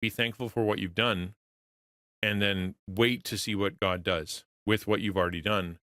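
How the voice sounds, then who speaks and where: Middle-aged guy rambling earnestly to his stream chat, lots of restarts, lowish voice, dry close sound. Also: fairly even intonation, moderate pace, a bit bright, no echo. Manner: earnest, rambling, many restarts and repeated words. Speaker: streamer and pastor to creators. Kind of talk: casual livestream talk with chat.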